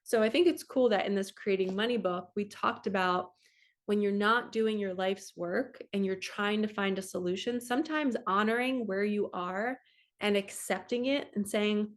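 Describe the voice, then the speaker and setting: A woman's voice: mid-range voice, moderate pace. A woman spiritual coach talking casually into her computer camera, reading passages aloud and commenting on them. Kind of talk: casual spiritual teaching vlog. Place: home, in front of a computer.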